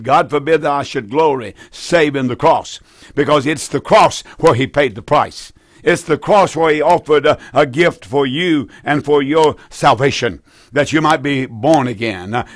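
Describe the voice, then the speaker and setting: A man's voice: fairly high pitch, no room sound, studio quality. A man hosting a call-in radio Bible program, preaching fervently with repeated phrases and frequent restarts. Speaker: radio Bible teacher taking calls.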